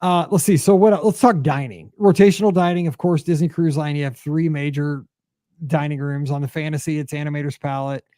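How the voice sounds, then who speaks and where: A podcast host in his forties chats loosely in a fairly high voice, a little fast, padding his stories with fillers. When excited, his pitch jumps sharply. The sound is dry and close-miked, with no room sound.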